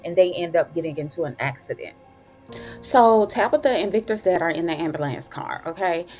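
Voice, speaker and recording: A woman's voice: fairly low pitch, expressive, fairly quick, darkish tone, faint music behind. A woman host casually recapping TV episodes, chatty and folksy, calling listeners "honey" and "child".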